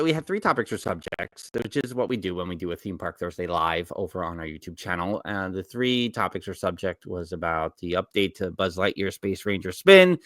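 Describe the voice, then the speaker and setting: A man's voice: low-pitched, a bit bright, dry recording. A man in his forties with a New York accent, co-hosting a casual theme park podcast and telling rambling stories that he keeps correcting mid-sentence. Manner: rambling, self-correcting storyteller. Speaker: podcast co-host. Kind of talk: casual chat.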